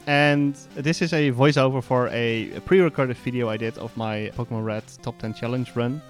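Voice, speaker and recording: A man's voice: mid-range voice, steady tone, moderate pace, soft background music. Hesitant Dutch man explaining a speedrun. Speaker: speedrunner and commentator. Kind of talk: casual voiceover commentary on gameplay.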